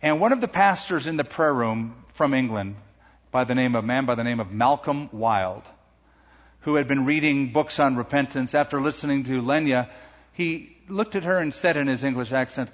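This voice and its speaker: A middle-aged man preaching a sermon to a congregation, slowing down and raising his voice on the words he stresses. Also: medium pitch. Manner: emphatic, slows and lifts his voice on key words. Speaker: pastor. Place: large church sanctuary. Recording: dull sound with long hall reverb.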